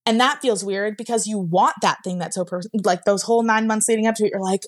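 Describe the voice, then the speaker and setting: A woman's voice: mid-range voice, quick pace, hardly any pauses. A young woman telling a personal story as a podcast guest. She rambles emotionally, with many fillers, and sounds close to tears at times.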